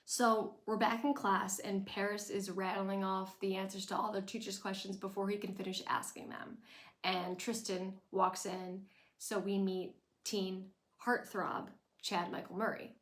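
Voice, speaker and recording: A woman's voice: mid-range voice, flat delivery, a little slow, a bit bright. A woman recaps a TV episode in a casual, chatty vlog. Her delivery is sarcastic and informal, peppered with "like" as she retells each scene. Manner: chatty, sarcastic, says like a lot. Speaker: recap vlogger.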